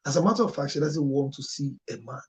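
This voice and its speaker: A man speaking as a marriage counselor in an impassioned monologue, emotional and close to tears at times, his voice jumping suddenly higher and louder. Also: quick pace. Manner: emotional, with sharp rises in pitch and loudness.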